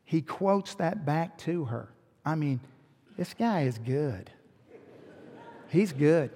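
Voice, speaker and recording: A man preaching in a church sanctuary, with a notably high voice that rings through a long hall reverb. He is animated, pressing rhetorical questions and tossing in joking asides to the congregation. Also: takes it slowly. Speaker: pastor. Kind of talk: sermon.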